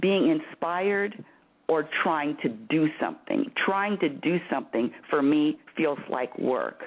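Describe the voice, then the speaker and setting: A woman hosts a spiritual call-in talk, her pitch swinging up and down as she goes. She laughs easily and circles back over her words. The sound is thin and phone-like. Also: unhurried. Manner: animated, laughing, repeats words. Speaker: spiritual talk show host. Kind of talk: phone-in radio advice chat. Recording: tinny phone line.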